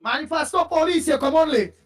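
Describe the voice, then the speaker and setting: High-voiced Trinidadian man hosting. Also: fast, no echo, clean studio sound, soft background music. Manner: chatty and playful, laughing often, bursts of shouting. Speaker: live show host. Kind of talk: casual morning chat greeting viewers.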